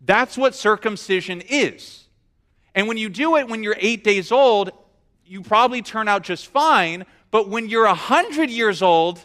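A man preaching a sermon, telling the story with humor and acting out the quotes. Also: high voice. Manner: animated storyteller, acts out quotes. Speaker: pastor.

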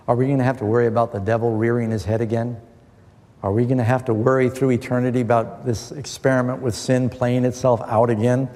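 A middle-aged man preaches a Bible-study sermon, posing a question and then answering it with verses. His voice is warm and mellow, and he sounds earnest and emphatic. A long reverb trails each phrase through a large hall. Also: mid-range voice.

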